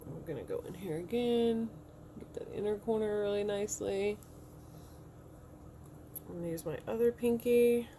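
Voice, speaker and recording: A woman in her thirties talks casually through her makeup routine step by step, chatty and easygoing. Her voice sits at an ordinary middle pitch. A faint background noise runs under the recording. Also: normal speed, pauses often, mellow. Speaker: beauty vlogger. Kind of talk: casual makeup tutorial talk. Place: home room.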